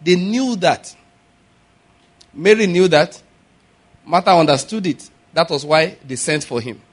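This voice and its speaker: Animated and fairly high-voiced, a male pastor preaches at a moderate pace. He asks questions of the congregation, gets them to repeat after him, and ramps up into loud, emphatic preaching.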